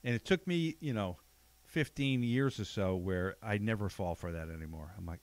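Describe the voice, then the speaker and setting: A man's voice: lowish voice, moderate pace, few pauses. A man hosting a casual podcast chat, a blunt storyteller who swears freely. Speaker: podcast host, jiu-jitsu black belt.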